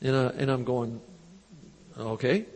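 A man preaching at a live convention, telling a story with quoted dialogue in a folksy, animated way, on a handheld mic. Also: medium pitch, measured pace. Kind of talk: storytelling sermon. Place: large church convention hall. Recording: live hall recording with long reverb.

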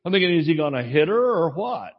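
A man's voice: on the high side, sing-song, quick pace, slightly rough, lo-fi sound. A male preacher telling a rambling anecdote in a sermon, acting out the voices of the people he quotes. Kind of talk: sermon storytelling.

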